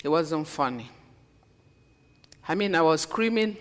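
A woman giving a personal testimony as a sermon, telling her story earnestly and then preaching with slow, stressed scripture quotes. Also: low-pitched, animated. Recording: long reverb of a large hall.

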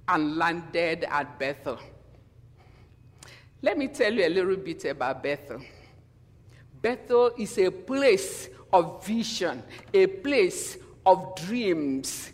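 A man preaching a sermon in a church, animated and acting out quotes in different voices, often asking the congregation questions. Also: sits high. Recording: long hall reverb.

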